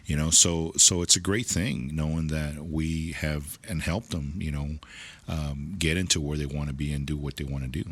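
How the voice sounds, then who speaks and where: A man's voice: rumbling low, fairly even intonation, moderate pace. A man, a dealership manager chatting as a guest in an interview, rambling with many restarts and fillers. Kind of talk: casual interview chat.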